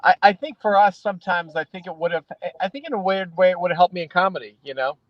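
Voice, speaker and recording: A middle-aged man with a high voice talks as a guest in a casual chat, dry and close on the mic. He laughs easily and often restarts his sentences as he tells stories. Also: no echo, muffled recording. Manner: laughs often, halting restarts while telling anecdotes.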